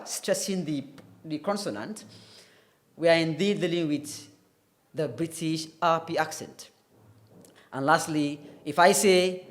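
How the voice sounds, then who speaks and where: Man, English tutor, unhurried delivery, methodical classroom explanations. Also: a little high. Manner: deliberate, explanatory, spells words out letter by letter. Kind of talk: televised classroom lesson.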